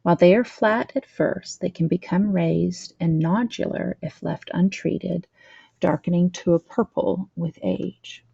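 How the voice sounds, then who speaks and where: A woman's voice: lowish voice, fairly even intonation, a little slow, vocal fry, warm tone, slightly rough, no echo, lo-fi sound. A woman teaching a training lesson, reading slides aloud with a slight lisp, stumbling over terms and correcting herself. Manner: reads text aloud, stumbles and corrects herself, adds plain explanations. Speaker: instructor.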